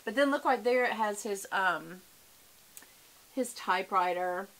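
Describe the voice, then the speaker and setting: A woman's voice: mid-range voice, a little slow, a bit bright. A woman, chatting casually and rambling to her viewers at home, calling them y'all. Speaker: vlogger. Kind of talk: casual chat to camera.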